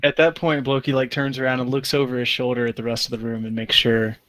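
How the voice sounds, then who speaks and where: A man's voice: medium pitch, flat delivery, fast, a bit bright. A man playing a tabletop game, describing his character with wry laughs. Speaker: player. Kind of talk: casual play.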